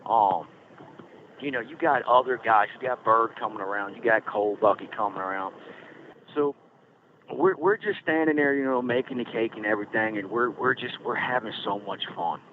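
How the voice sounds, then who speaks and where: A man's voice: medium pitch, moderate pace. Brief: middle-aged man, folksy rambling storyteller, tinny phone line with faint hiss. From Virginia Blue Ridge foothills. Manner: rambling, folksy, lots of fillers. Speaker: podcast host calling from prison. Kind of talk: casual storytelling. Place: prison.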